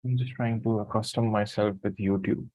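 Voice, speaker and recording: A low-pitched man with a sleepy, just-woken voice talks through trading charts live, pausing, apologizing and thinking aloud. The sound is dry and close, picked up by a computer mic with no room echo. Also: fairly even intonation, narrow, tinny audio. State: just woke from a nap, morning voice. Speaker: trading streamer. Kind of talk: live market commentary.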